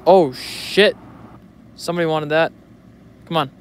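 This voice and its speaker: A man's voice: a little high, a little slow, slight background noise. Joking young man rambling on a vlog. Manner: joking, rambling, swears freely. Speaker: vlogger. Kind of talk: casual rambling vlog commentary.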